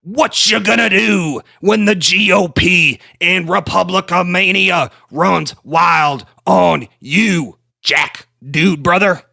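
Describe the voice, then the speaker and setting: A man voicing a brash male pro wrestler, shouting a drawn-out promo. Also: high voice, creaky, no echo, clean studio sound, voice pushed up, full character voice. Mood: bellowing. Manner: loud drawn-out bellowing.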